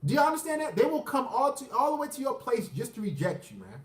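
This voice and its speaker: Man, high-pitched, profane boastful storyteller, restarts a lot; echoey room, mic set back. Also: huge pitch swings, fast, distant mic. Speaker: vlogger telling a personal story. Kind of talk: casual storytelling.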